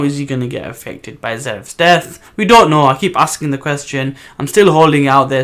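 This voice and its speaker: A man's voice: on the high side, fairly bright tone. A man hosting a casual solo comic review, rambling with many ums and restarts. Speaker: manga reviewer host.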